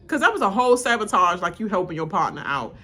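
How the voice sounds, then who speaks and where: A woman's voice: medium pitch, big pitch swings, fast, bright, forceful tone. A woman doing a live watch-along of a reality show, laughing often and acting out the cast in exaggerated voices while she rants bluntly. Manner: blunt, ranting commentary. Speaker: reality TV reaction streamer.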